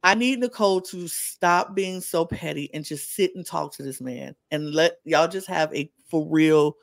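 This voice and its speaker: A podcast co-host giving a casual reality-TV recap. The speaker sounds incredulous and animated and repeats lines for emphasis. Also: mid-range voice, normal speed, gravelly, no echo.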